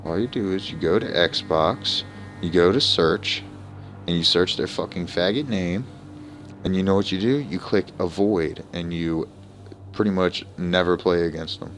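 A man's voice: deep voice, unhurried, a little hiss or hum. A young man streaming a game live, ranting profanely and confrontationally at people in his chat and voice chat. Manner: profane, confrontational, trash-talking.

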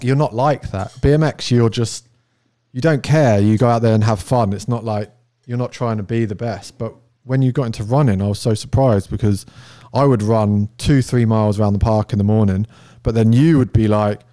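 A man's voice: lowish voice, fairly even intonation, normal speed, dark tone, dry recording, clean studio sound. A young man in casual chat, speaking eagerly and explaining with vivid everyday comparisons. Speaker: podcast co-host.

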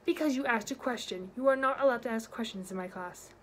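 A woman's voice: a little high, quick pace, slight background noise, close to an everyday voice. Mean old math teacher, cold, clipped dismissive lines, played by a woman in her own voice. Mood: stern. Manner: curt, dismissive orders.

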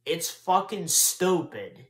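A man's voice: fairly high pitch, very animated, slow, a bit bright. Young man ranting in an echoey room. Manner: frustrated, profane, repetitive ranting. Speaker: wrestling news vlogger. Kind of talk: casual ranting recap.

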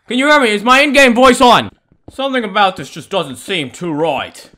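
A young man doing over-the-top comedy gaming commentary, frantic and often yelling. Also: sits high, animated, normal speed. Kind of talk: parody let's play commentary.

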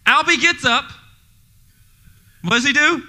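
A male pastor preaching a sermon to his congregation in a church, energetic and joking, speaking directly to the people in the room. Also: very high voice, unhurried. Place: church sanctuary before a congregation.

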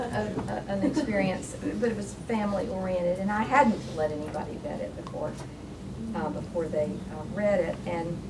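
A woman on a writers' panel telling a lively personal anecdote, laughing as she goes. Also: lowish voice. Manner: storytelling, lively, laughing, with restarts. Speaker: panelist, author and writing professor. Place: lecture hall at a public panel. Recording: distant, noisy hall recording.

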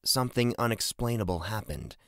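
A man voicing a concerned middle-aged farmer speaking calmly to his daughter. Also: fairly low pitch, a little fast, gravelly, no echo. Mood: gentle. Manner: calm, fatherly.

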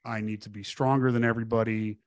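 A man's voice: lowish voice, quick pace, no echo. A middle-aged man from Texas, a podcast guest telling casual stories, swearing freely, stumbling over restarts and acting out the people he quotes. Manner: profane, animated, acts out quoted voices with restarts. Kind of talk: casual conversational storytelling.

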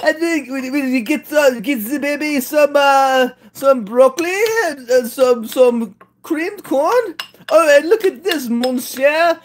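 A man voicing a fussy, doting Italian parent who is excited about feeding a new baby, in a mock Italian accent with lots of halting ums. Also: extremely high pitch, pitched above the performer's own voice.

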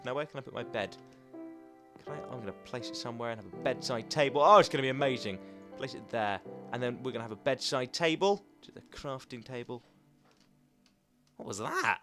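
A young man commenting as he plays a video game, chatty and excitable, talking to the animals in the game. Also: mid-range voice. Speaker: gaming commentator. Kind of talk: playing a game with live commentary.

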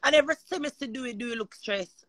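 A woman's voice: fairly high pitch, fast, a bit bright, dry recording. A Jamaican woman talking casually on a live chat, emphatic and rambling.

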